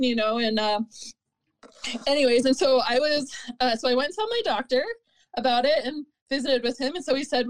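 A woman in her thirties telling her own story in an interview, candid and earnest, pausing and restarting often. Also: high-pitched, clean tone. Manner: halting, with frequent fillers and restarts. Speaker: interview guest.

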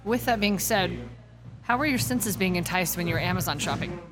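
A woman co-hosting a casual chat, blunt and animated and quick to laugh. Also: lowish voice, music in the background. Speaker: podcast co-host.

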